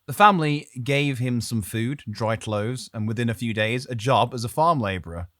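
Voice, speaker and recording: A man's voice: medium pitch, moderate pace, a bit bright, no room sound, studio quality. A man, co-hosting a podcast and telling a story in a casual, jokey way, with frequent laughs and rambling asides.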